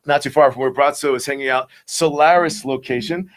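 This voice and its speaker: A man's voice: medium pitch, fairly even intonation, a little fast. Upbeat man hosting a live show. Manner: upbeat, chatty, laughs along. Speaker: show host.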